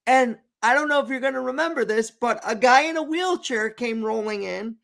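Relaxed man swapping stories. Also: very high-pitched, moderate pace, vocal fry. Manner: relaxed, agreeable, piggybacks on stories. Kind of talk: casual chat.

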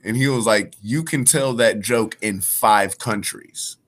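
A man's voice: lowish voice, measured pace, a bit bright. A man, a guest comedian, telling a story in casual podcast chat and acting out the dialogue.

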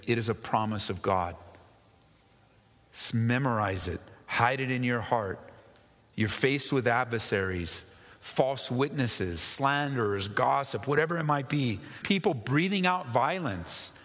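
A man's voice: medium pitch, unhurried, fairly bright tone, long reverb tail. A male pastor preaching a sermon, reading scripture and rising to emphatic, impassioned peaks.

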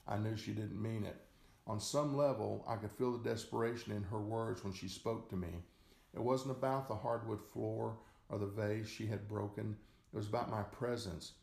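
A man reading a short story aloud as narrator, in a slow, measured way. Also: fairly low pitch, gravelly, a little mellow. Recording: echoey room.

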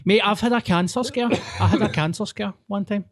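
A young man with a Scottish accent telling crude, animated anecdotes in casual podcast chat. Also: high voice, brisk. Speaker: comedian podcast guest.

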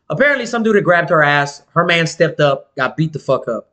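A man chatting casually as a podcast co-host, telling animated, slangy, profane stories. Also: a little fast. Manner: animated storytelling, swings pitch wide, slangy and profane. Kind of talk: casual chat.

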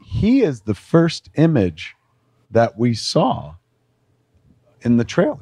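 A man co-hosting a podcast, chatting about entertainment news in an animated, emphatic way. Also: mid-range voice, takes it slowly, breathy edge, no room sound. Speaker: podcast co-host. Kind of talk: casual entertainment news chat.

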